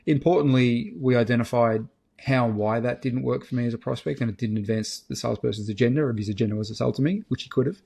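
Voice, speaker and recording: Gravelly-voiced man asking questions. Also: medium pitch, quick pace, mellow. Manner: thoughtful, probing questions, hesitant fillers. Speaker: podcast co-host. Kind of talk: casual podcast discussion.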